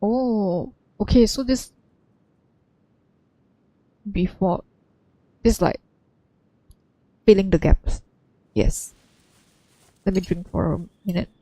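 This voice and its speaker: A woman's voice: medium pitch, takes it slowly, pauses often, warm tone, dry recording. A woman chatting casually over a game she plays, musing aloud and laughing often. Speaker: game streamer. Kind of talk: casual gameplay commentary.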